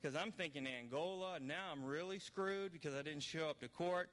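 A man's voice: fairly high pitch, normal speed, a bit bright. A middle-aged man from New Orleans telling his recovery story to an audience, candid and rambling with self-deprecating humor. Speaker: recovery speaker. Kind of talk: personal testimony to an audience.

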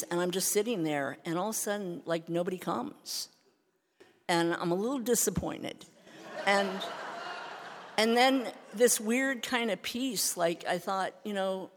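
An older woman telling her recovery story as a candid, self-mocking personal testimony, swinging from hushed to loud. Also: on the low side. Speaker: speaker sharing recovery story. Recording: hall reverb.

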